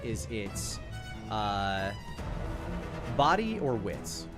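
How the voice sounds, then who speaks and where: A man's voice: lowish voice, big pitch swings, drawn-out words, music in the background. A man running a tabletop horror game as game master, describing scenes loosely with fillers and restarts.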